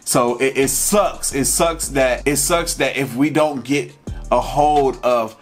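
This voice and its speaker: A man's voice: medium pitch, slow, faint music behind. A man vlogging, talking candidly and emotionally to his viewers about his own experiences in a casual, personal way. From Georgia, USA. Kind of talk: personal storytelling to camera.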